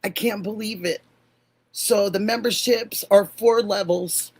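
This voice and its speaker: An older woman hosting a live stream, warmly greeting viewers by name and calling them honey and sweetheart. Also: medium pitch, steady tone, measured pace, breathy edge. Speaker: livestream host.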